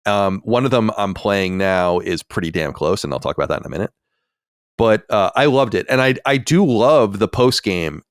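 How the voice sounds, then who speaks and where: A man in his forties with a low, smooth, resonant voice hosts a casual podcast. He rambles candidly, with plenty of fillers and asides. The sound is close and dry. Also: lively intonation, normal speed, no room sound. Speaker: podcast host.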